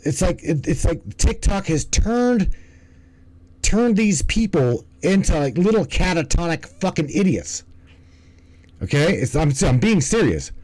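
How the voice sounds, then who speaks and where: A man's voice: a little high, very animated, a little slow, darkish tone, dry recording, low-quality recording. Rambling, profane male stream host. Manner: rambling, profane, stumbles and restarts. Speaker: livestream host. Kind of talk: casual commentary.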